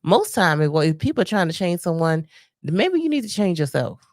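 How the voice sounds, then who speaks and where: A woman's voice: fairly low pitch, sing-song, moderate pace, a little mellow, no echo, clean studio sound. A woman co-hosting a married couple's podcast, talking emphatically and casually. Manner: emphatic, repeats "you know what I'm saying". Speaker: podcast co-host. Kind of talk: casual chat.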